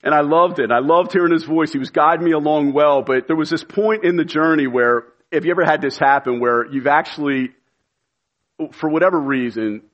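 Pastor, male, earnest sermon delivery that swells to fervent emphasis, dull lo-fi sound. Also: mid-range voice. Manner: earnest, rising to emphatic shouts.

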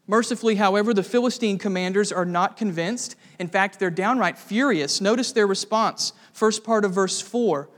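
A man's voice: high-pitched, normal speed, hardly any pauses, fairly bright tone, long reverb tail. A man preaching an expository sermon, emphatic and posing rhetorical questions to the congregation.

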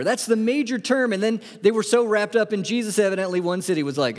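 A man's voice: sits high, fast talker, hardly any pauses. A man preaching a conversational sermon as pastor, asking his listeners many rhetorical questions and often restarting words. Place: church sanctuary. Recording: long hall reverb.

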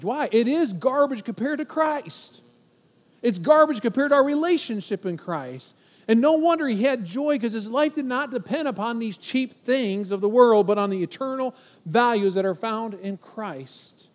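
Pastor guy in his 40s preaching, pretty high voice, lively, church hall echo hanging after every line. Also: moderate pace. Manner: animated, acts out worried voices for humor. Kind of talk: sermon.

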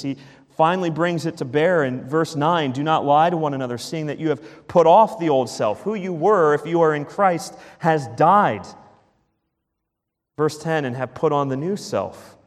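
A man preaching a sermon as pastor, emphatic, repeating key phrases and dropping to a hush at the ends of lines. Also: fairly high pitch, normal speed, big-room sound.

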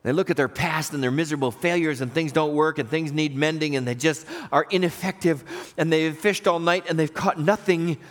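Higher-voiced man preaching a sermon. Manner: animated storytelling, acting out quoted voices. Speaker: pastor.

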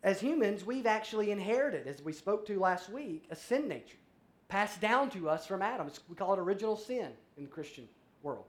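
A male pastor preaching a sermon, animated and conversational, acting out little scenes and reading scripture aloud. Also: sits high, a little fast. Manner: animated, acts out voices in a story, shifts between loud and soft.

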